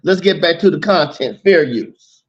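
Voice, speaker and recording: A man co-hosting a casual talk show in a high voice, restarting his sentences as he lectures. His mic sounds dull and lo-fi. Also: animated, moderate pace. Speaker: podcast co-host. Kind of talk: casual chat.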